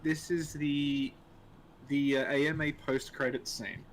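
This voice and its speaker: A man's voice: fairly high pitch, steady tone, a little slow, slight background noise. A man co-hosting a casual live-stream Q&A, rambling and hesitant with dry humor, greeting viewers as he goes. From Australia.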